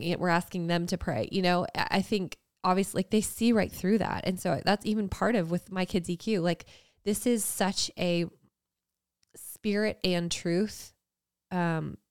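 A woman in her thirties talks through a casual faith conversation, earnest and reflective, leaning often on "like." Her voice sits lower than most women's and comes across smooth and clean. The sound is dry and close. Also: no room sound. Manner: earnest, reflective, with frequent "like" fillers. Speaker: podcast co-host.

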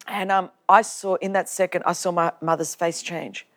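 A woman with an Australian accent giving a personal testimony talk, animated and humorous, acting out the lines she quotes. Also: lowish voice, normal speed. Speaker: preacher.

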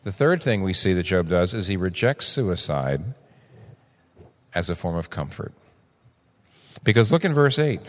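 A man in his sixties preaching with a lively, swinging voice. He acts out quoted voices with big jumps in pitch. His words ring out with the long reverb of a large hall. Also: measured pace, pauses often. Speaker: pastor. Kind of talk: sermon.

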